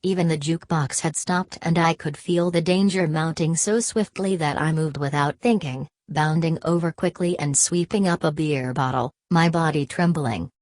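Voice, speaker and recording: A woman reading a novel aloud as an audiobook narrator, voicing every character in one steady voice. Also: low-pitched, moderate pace, hardly any pauses, no echo. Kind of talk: scripted narration.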